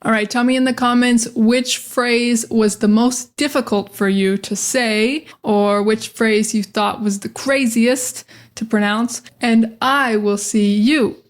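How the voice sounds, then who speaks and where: A young American woman leads a pronunciation lesson with a fairly high voice. She drills each phrase by saying it again and again, direct and energetic. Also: slow pace. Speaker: English pronunciation teacher.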